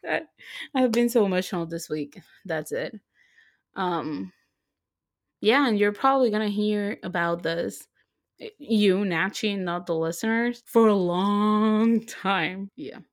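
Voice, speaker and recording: A young woman co-hosting a podcast, telling a story in a casual, excitable way, full of fillers and restarts. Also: mid-range voice, takes it slowly. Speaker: podcast co-host. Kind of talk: casual chat.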